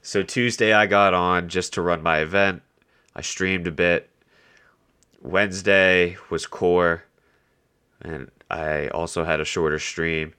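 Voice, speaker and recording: A man's voice: low-pitched, steady tone, slow, sharp tone, clean tone. A man co-hosting a casual gaming podcast, a little stuffy from allergies, who laughs often and pokes fun at himself. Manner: laughs often, self-deprecating. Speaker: podcast co-host. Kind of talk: casual chat. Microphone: video call.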